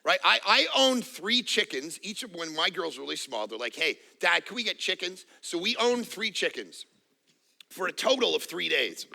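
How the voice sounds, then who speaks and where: A middle-aged male pastor preaches with lively, animated delivery and playful acted-out asides. His voice sits high, with a very bright, cutting edge and a gravelly texture. He speaks in a church setting. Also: moderate pace. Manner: animated, acts out voices and jokes. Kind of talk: sermon. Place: church auditorium.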